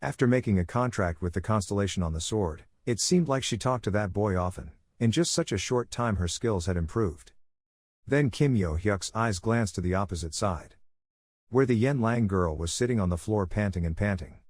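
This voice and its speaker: Low-voiced man narrating a comic recap. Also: animated, normal speed, darkish tone, no echo. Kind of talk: scripted story narration.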